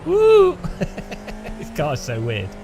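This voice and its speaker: A man's voice: mid-range voice, big pitch swings, normal speed, a little hiss or hum. A man streaming a game, rambling and joking with his chat in a self-mocking way. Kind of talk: casual live stream chat while gaming.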